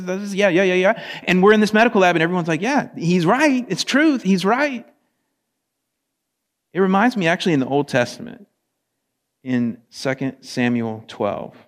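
Animated man preaching a casual sermon. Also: in a large hall. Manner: conversational, animated, acts out quotes with rising pitch. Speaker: pastor.

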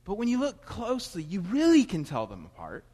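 A man's voice: sits high, huge pitch swings, fairly quick, warm tone, breathy edge. A man from Florida with a Southern US accent, preaching a sermon in a chatty, digressive way that keeps correcting itself. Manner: conversational, digressive with self-corrections. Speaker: pastor. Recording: long reverb of a large hall.

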